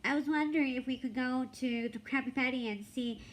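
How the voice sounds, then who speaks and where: A cheerful, eager male cartoon sea sponge with a raised, chirpy voice, as a woman puts him on. He sounds bright, keen and friendly. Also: high-pitched, fairly quick, pitched above the performer's own voice, close to an everyday voice.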